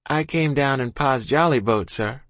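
A man voicing a frightened young girl who answers meekly and respectfully, raised in pitch from his narration. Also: moderate pace, a bit bright, no room sound, close to an everyday voice. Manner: meek, respectful.

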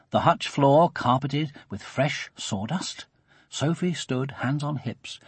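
A man narrating a children's storybook in an expressive, animated reading. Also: medium pitch, husky, dry recording.

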